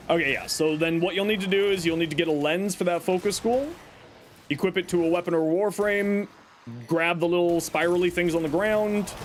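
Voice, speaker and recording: Higher-pitched man explaining a game on stream. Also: a little hiss or hum. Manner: reads and answers chat questions, explaining game steps with frequent "uh" fillers; hedging, unsure of old details. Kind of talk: live-stream chat while gaming.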